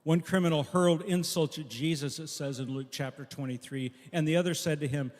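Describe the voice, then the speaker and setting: A man preaching a memorial sermon, telling a story earnestly and dropping soft at key lines. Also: on the high side, fairly even intonation, fairly quick, few pauses. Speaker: pastor at a memorial service. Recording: long echo of a large hall.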